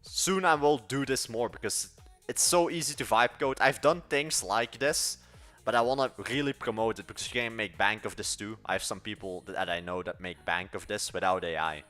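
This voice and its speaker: On his livestream, a young man from Belgium in his late teens codes and answers viewers in loose chat, rambling, blunt, and often fixing his sentences midway. His mixed European-sounding accent rides a fairly low voice at normal speed, slightly bright, with faint music in the background.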